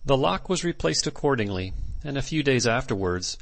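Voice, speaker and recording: A man narrating a classic novel as an audiobook in measured, deliberate phrases. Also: mid-range voice, big pitch swings, vocal fry.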